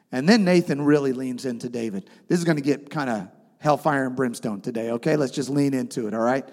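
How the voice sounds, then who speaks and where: A man preaching a sermon as pastor, retelling a story with emphatic swings in pitch and loudness. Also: brisk. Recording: long reverb of a large hall.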